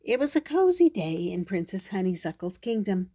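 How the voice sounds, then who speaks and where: An older woman, a grandmother, reading a children's storybook aloud in a slow, gentle way. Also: mid-range voice, very animated, breathy edge.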